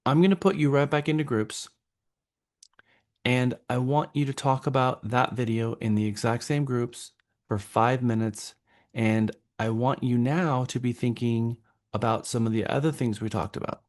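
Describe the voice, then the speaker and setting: A man's voice: medium pitch, steady tone, normal speed. A man with a Texan accent teaching a real estate training class, coaching and encouraging his students.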